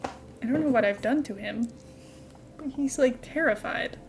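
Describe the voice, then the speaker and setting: A young adult woman streaming a game from home, chatting in a rambling, casual way and cooing softly at her cat now and then. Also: a little high, a little slow, vocal fry, a little hiss or hum. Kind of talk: casual live-stream chat while gaming.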